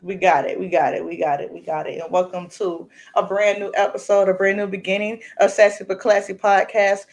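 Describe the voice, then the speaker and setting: A woman co-hosting a podcast in casual chat, loud, playful and full of slang. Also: medium pitch, level tone, brisk, few pauses. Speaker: podcast co-host.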